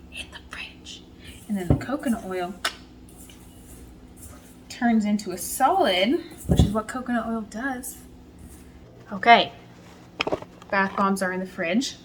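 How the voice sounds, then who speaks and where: A woman hosting a casual home vlog, talking through her work in a chatty, self-deprecating way with quick bursts of speech. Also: mid-range voice, a little hiss or hum, rough recording. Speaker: soap maker and channel host. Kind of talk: casual vlog narration while working.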